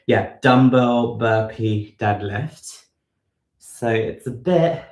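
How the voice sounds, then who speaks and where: Slightly out of breath, a man with a fairly low voice runs a live workout from a room at home, instructing casually with many ums and corrections as he thinks aloud. The low-quality recording has an echoey room and a little background noise.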